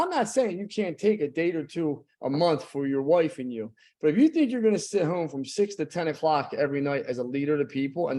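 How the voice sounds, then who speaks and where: A man's voice: fairly high pitch, warm tone. A middle-aged man giving a blunt, emphatic motivational talk as a guest speaker.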